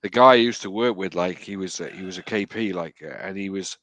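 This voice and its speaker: A man's voice: low-pitched, fairly quick, fairly bright tone, dry recording. Swearing man telling rowdy anecdotes. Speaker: livestream host. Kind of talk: casual chat, storytelling.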